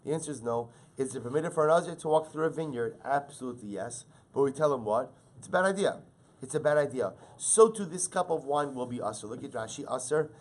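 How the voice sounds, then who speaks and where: A man, a rabbi, teaching a Talmud class, animated, repeating words and rising loudly on Hebrew and Aramaic quotes. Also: mid-range voice, quick pace, few pauses.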